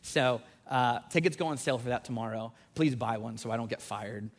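A man in his thirties preaching a sermon with energetic, conversational emphasis that rises on key points. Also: medium pitch, a little fast, slight background noise. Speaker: pastor.

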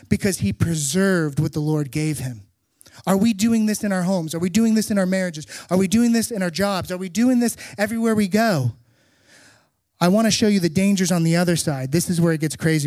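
Middle-aged male pastor, slightly high voice, lively storyteller, dry close sound. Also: no room sound. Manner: animated storytelling with emphatic repetition. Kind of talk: sermon.

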